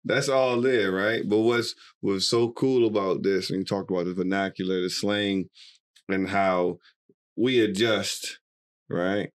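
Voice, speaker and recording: A man's voice: low voice, fairly even intonation, measured pace. A man hosting a podcast, playful and quizzing his guest in casual conversation. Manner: playful, quizzing, laughing often. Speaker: podcast host.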